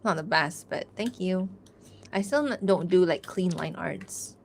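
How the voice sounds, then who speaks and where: A woman's voice: fairly low pitch, unhurried, vocal fry. Young woman streamer, rambling and chatty, laughs easily, light background hiss. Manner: rambling, chatty, many "like" fillers, laughs often. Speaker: artist streaming a drawing Q&A. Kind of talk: casual livestream chat while drawing.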